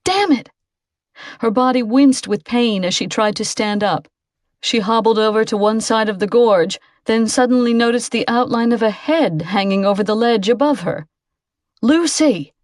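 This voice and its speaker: Female audiobook narrator, slightly high voice, measured and expressive, dry close sound. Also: no echo. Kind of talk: scripted narration.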